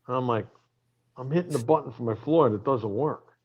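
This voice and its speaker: A touring male DJ telling a story in casual chat, animated and profane. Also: medium pitch, a little fast, husky, muffled recording.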